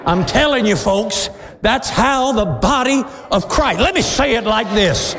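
A man preaching a sermon as pastor, telling a story and building up to shouted exhortation before a congregation. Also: high voice, lively intonation, measured pace, vocal fry. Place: large church sanctuary with congregation. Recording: long hall reverb, crowd and room noise.

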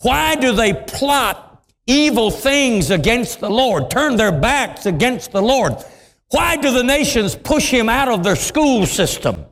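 A man preaching a sermon with impassioned, dramatic swings, dropping into deep voices for emphasis. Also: sing-song, slow pace, a bit bright. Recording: long hall reverb.

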